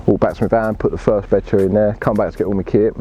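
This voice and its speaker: A man's voice: on the low side, steady tone, fast, dark tone. A man telling a fishing story in blunt, laddish slang and swearing freely. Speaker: angler telling his story. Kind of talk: casual storytelling.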